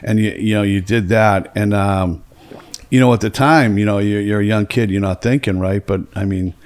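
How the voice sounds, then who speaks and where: A man's voice: on the low side, fairly even intonation, moderate pace. A middle-aged man, hosting a casual podcast and telling long stories, full of fillers and profanity. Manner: rambling, heavy on fillers and profanity. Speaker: podcast host. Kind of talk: casual storytelling chat.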